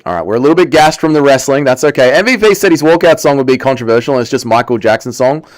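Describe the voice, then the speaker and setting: A young man live-streaming, chatting casually and excitably while he plays, swearing and reading chat aloud. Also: mid-range voice, quick pace. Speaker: livestreamer.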